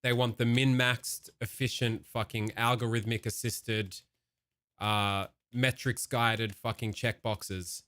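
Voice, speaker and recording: A man giving casual, profane reaction commentary as a streamer, given to animated rants. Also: mid-range voice, slow, no room sound, studio quality.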